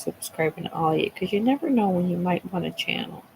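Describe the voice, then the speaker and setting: A woman's voice: on the low side, lively intonation, brisk, vocal fry, few pauses, a little mellow, slight background noise, low-quality recording. A woman chatting casually with her livestream viewers. She talks loosely, swears freely and laughs often. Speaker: livestream host. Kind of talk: casual chat with live viewers.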